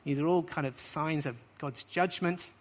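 A man's voice: on the high side, fairly even intonation, normal speed. A man teaching a sermon-style talk to a live group, emphatic and repetitive, often ending points with a rising question. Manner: emphatic, repeats key phrases with rising questions. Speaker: preacher teaching on scripture.

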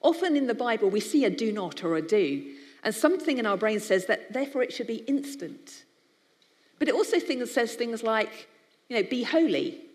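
A woman's voice: a little high, expressive, moderate pace. Woman preaching in a reverberant hall. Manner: warm conversational preaching with acted-out voices. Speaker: speaker for a biblical counselling charity. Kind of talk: sermon-style talk to a live audience. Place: large hall with an audience.

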